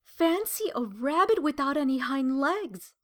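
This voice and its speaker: A woman voicing a bold wild rabbit who teases and scorns, in a higher, brighter voice. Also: measured pace. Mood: teasing. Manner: taunting, lively. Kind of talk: storybook character voice.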